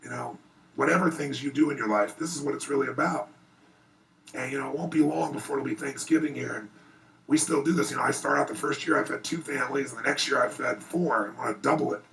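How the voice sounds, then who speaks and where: A man giving an earnest, animated personal storytelling speech at a private event before an audience. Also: mid-range voice, fast, vocal fry, distant mic, poor audio. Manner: earnest, animated, rising excitement in retellings. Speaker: motivational speaker.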